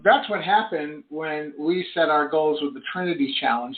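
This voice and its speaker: A middle-aged man, an online business coach, telling a story in earnest on a live conference call, his voice rising high when excited. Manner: earnest storytelling, swings between low and high excited pitch. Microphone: phone call line. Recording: tinny phone line.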